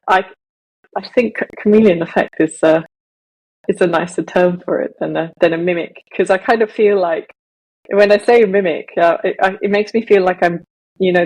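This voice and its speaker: Woman podcast co-host, somewhat low voice, rambling casual chat. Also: a little mellow, slightly rough, low-quality recording. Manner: rambling, self-correcting, laughs at own examples.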